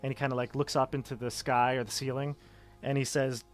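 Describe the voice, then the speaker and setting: A man narrating as game master of a tabletop game, casual and halting with many fillers. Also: mid-range voice, little pitch movement, soft background music.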